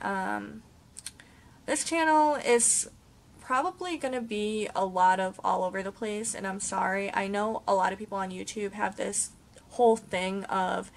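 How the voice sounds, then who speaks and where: A young woman vlogging casually to camera at home, rambling with many pauses and ums. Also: mid-range voice, creaky. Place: home, indoors.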